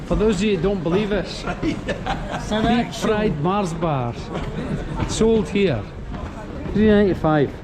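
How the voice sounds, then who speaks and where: A Scottish man in his sixties, voice pitched a touch high, rambling easily through a walking-tour vlog with plenty of local slang. Busy street noise and traffic rumble along behind him. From Scotland. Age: 60s. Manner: chatty, relaxed, full of local slang, frequent "uh" pauses. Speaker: vlogger and tour guide. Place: outdoors on busy city streets and inside a pub.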